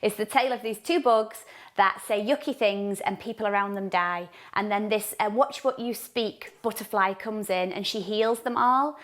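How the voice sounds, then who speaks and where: A woman's voice: medium pitch, moderate pace. A woman co-hosting a parenting chat show, speaking earnestly and encouragingly, often thinking aloud as she talks. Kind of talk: casual studio chat.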